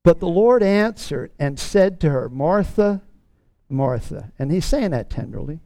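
A middle-aged man preaching a sermon in an earnest tone, stretching out key words slowly for emphasis. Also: a little high, very animated, warm tone, dry recording. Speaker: pastor.

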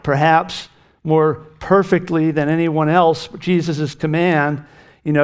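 A man's voice: fairly high pitch, little pitch movement, slow, clear, resonant tone. A middle-aged man preaching a sermon as pastor, earnest and emphatic, lifting his voice on key phrases.

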